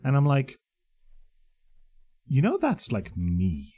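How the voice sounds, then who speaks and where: A man co-hosting a relaxed podcast chat at a mid pitch. He sounds wry and conversational, throwing in dry remarks as the talk goes on. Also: takes it slowly, breathy edge. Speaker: podcast co-host. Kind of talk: casual chat.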